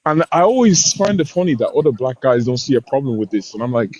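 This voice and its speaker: Brief: man from Ireland, calm panel guest, mid-range voice. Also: mid-range voice, fast talker, low-quality recording. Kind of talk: group discussion.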